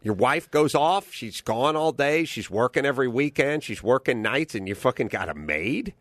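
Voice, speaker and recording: Male podcast host, profane comic storyteller, very expressive pitch, dry sound. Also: moderate pace, dry recording. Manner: profane, animated storytelling, swaps into voices for quotes. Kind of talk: casual comedic rant.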